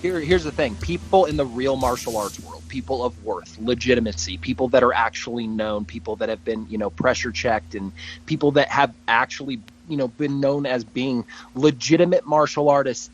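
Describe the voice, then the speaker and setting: A man's voice: mid-range voice, normal speed, soft background music. A man co-hosting a casual talk show, ranting with indignant, profane jabs. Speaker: podcast co-host. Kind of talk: casual chat.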